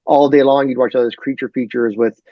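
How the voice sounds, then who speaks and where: A man from Detroit, a novelist guest on a podcast, talking in a rambling, animated way full of fillers. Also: medium pitch, brisk, no room sound, dull audio. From Detroit, USA. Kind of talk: casual podcast chat.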